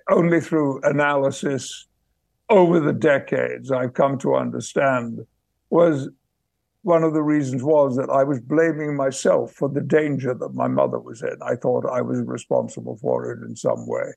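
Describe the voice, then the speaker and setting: An older man from Yorkshire speaking in received pronunciation, telling stories in a measured, thoughtful way as a guest, pausing to search for words. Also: medium pitch, big pitch swings, gravelly, darkish tone, no room sound. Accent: British received pronunciation. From Yorkshire, England. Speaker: guest, actor and memoir author. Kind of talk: reflective interview storytelling.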